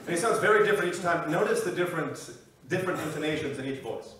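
A young man doing a stand-up comedy set, with quick, self-deprecating patter between impressions. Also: fairly high pitch, expressive, a little hiss or hum. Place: live comedy show venue. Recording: echoey room, distant mic, loud crowd.

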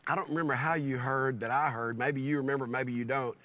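A middle-aged male pastor telling a story in conversation, animated and given to repeating himself and restarting sentences. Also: medium pitch, fairly quick.

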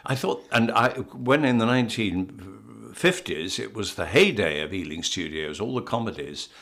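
This older man from England is an actor recounting stories during an interview, often stammering and starting over and breaking into laughs. His voice sits lowish and sounds gravelly yet fairly bright, lively, at an ordinary speed.

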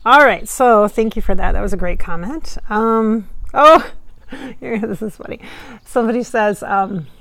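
Chatty medium woman with a gravelly edge. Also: fairly high pitch, a little slow, fairly bright tone, no echo. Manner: chatty and rambling, many fillers, laughs often. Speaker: psychic medium channeling a spirit. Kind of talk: casual chat to camera, reading viewer comments.

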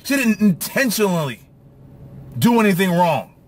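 A man's voice: sits high, sing-song, normal speed. A man ranting angrily in an opinion monologue, firing off indignant rhetorical questions. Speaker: political vlogger.

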